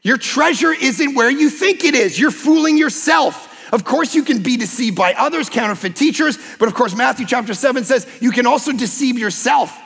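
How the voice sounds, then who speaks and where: A man preaching a sermon as a pastor, impassioned and emphatic, sometimes breaking into shouts. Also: very high voice, animated, normal speed, creaky, hardly any pauses, husky, in a large hall. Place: church sanctuary.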